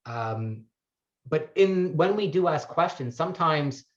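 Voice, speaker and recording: A man's voice: fairly high pitch, animated, slow pace. A man working as a wellness coach, talking thoughtfully in an interview and searching for his words as he goes. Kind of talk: conversational interview. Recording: muffled lo-fi audio.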